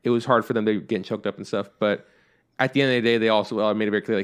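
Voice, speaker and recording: A man's voice: on the low side, steady tone, racing, smooth. A young man co-hosting a podcast, chatting casually in a rambling way with plenty of fillers. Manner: rambling, heavy on fillers like "like" and "you know". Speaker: podcast co-host. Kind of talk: casual chat.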